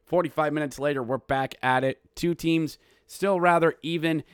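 Man, hockey recap host, excitable play-by-play, shouted goal calls, self-mocking jokes, slightly high voice, dry close sound. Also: moderate pace, clean tone, no room sound. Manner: jokey, self-mocking asides. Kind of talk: casual game recap with play-by-play.

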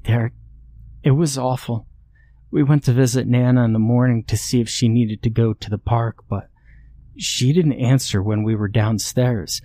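A man's voice: mid-range voice, steady tone, normal speed, dark tone, lightly acted. A man voicing a distraught, exhausted young woman in a horror story, tearful and shaky, breaking off mid-sentence.

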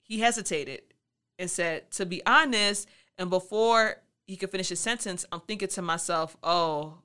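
A woman's voice: lowish voice, moderate pace, pushed and bright, clean tone. A woman podcast host telling a candid personal story in a frank, playful, slangy way, acting out her own thoughts.

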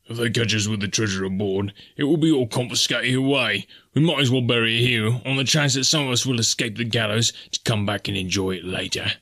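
A man's voice: medium pitch, a little fast, hardly any pauses, sharp tone. A man voicing a matter-of-fact sailor in a spoken story. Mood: grim. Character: plain-spoken male sailor companion.

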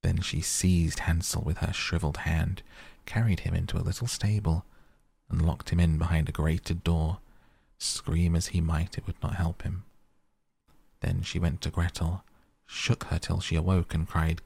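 Low gravelly guy reading a bedtime fairy tale real softly, husky and half whispery, flat and calm. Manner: soft, slow, half-whispered at times. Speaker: sleep podcast reader. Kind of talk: softly spoken bedtime storytelling.

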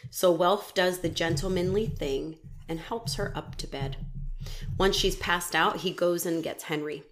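Animated woman telling a crime story. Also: lowish voice, a little slow, slight background noise. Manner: animated, laughs often, swears casually. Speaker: podcast host telling a true crime story. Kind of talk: casual storytelling chat.

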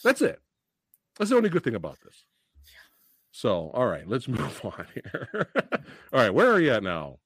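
A man hosting a movie podcast, going on a profane, animated rant about a film and laughing between points. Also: medium pitch, normal speed, long pauses, husky, no echo, clean studio sound. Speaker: podcast host. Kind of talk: heated movie review rant.

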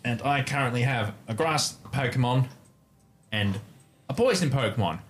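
A man playing a tabletop role-play, talking casually and reasoning aloud in a measured way. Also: mid-range voice, animated, a little hiss or hum. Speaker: player.

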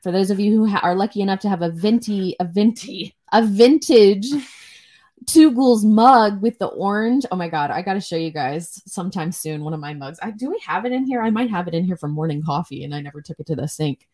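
A woman's voice: mid-range voice, brisk, mellow. Chatty, rambling young woman podcast host. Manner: chatty, rambling, swears freely. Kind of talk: casual livestream chat.

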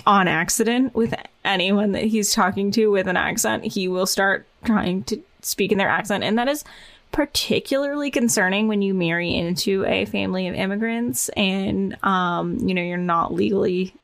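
A woman's voice: mid-range voice, normal speed, creaky, dry recording. A woman co-hosting a casual podcast with playful, teasing banter. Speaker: podcast co-host.

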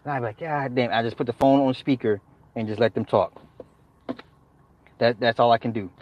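Speaking briskly in a mid-range voice, a man banters on his live stream, joking, swearing and laughing often while answering chat and repeating points for emphasis. There's a little hiss or hum, and the sound is dull, dry and lo-fi.

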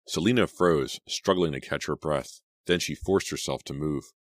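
A man narrating a teen horror audiobook in a deliberate, suspenseful way. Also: extremely low pitch, dry recording, clean studio sound.

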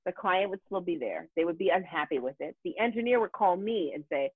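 Brief: woman voice actor, 40s, lively storyteller who mimics others, heard over a tinny phone line. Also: fairly low pitch, fast, hardly any pauses, husky, no room sound. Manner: animated storyteller, acts out quoted voices. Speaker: voice actor guest. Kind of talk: casual podcast chat. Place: home in Los Angeles.

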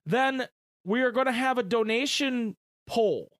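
Podcast co-host, male, high and animated, chatty, dry close sound. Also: measured pace, no room sound. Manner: chatty and excitable, uses gamer slang. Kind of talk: casual chat.

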